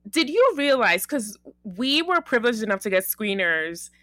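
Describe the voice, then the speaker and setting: A woman's voice: on the high side, big pitch swings, normal speed, a bit bright, dry recording, clean studio sound. A woman guest on a TV recap podcast, chatting in a wry, gossipy, mocking way. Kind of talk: casual TV recap chat.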